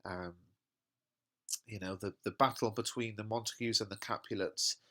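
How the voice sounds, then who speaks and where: A man's voice: lowish voice, steady tone, normal speed, a bit bright. A man teaching English, explaining a play scene line by line in a casual way, with many fillers as he puts old lines into plain modern speech.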